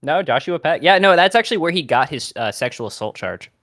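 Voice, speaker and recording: Lively, bright-voiced young man teasing friends. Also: a little high, quick pace, dry recording, studio quality. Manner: playful, teasing, swears freely. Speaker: podcast co-host running a guessing game. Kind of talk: casual banter with friends.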